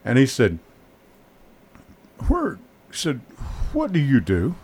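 A man's voice: medium pitch, wildly swooping pitch, slow, a little mellow, slightly rough. A man hosting a radio talk show, telling rambling stories with many restarts and fillers. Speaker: radio host. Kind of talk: casual radio chat.

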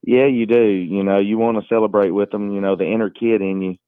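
A middle-aged man, a high school basketball coach, talking in a phone interview with many fillers and restarts. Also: steady tone, a little fast, clean tone, dry recording. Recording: tinny phone line.

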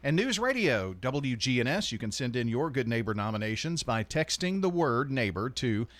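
A man hosting a morning radio show, reading sponsor announcements in a brisk announcer manner with light banter. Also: medium pitch, big pitch swings, a bit bright, no room sound. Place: radio studio.

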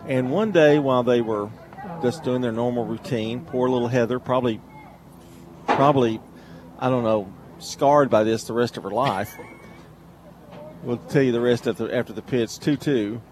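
A man's voice: normal speed, pauses often. Radio baseball announcer, male, conversational and teasing, noisy ballpark feed. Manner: chatty, jokey, tells stories between pitches. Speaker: play-by-play announcer.

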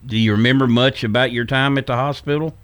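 A man hosting a sports radio show, asking calm, conversational questions. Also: medium pitch, quick pace, smooth, no room sound. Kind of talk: radio interview.

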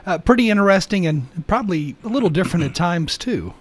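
High-voiced male radio host. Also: expressive, brisk. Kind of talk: conversational interview.

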